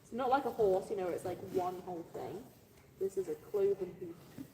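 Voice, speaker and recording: A woman with an expressive, mid-range voice talks fairly quickly as she livestreams from her farm on a handheld phone. She rambles chattily, laughs often with viewers, and coos affectionately at her animals. Noisy outdoor farm sound and a big-room quality fill the recording.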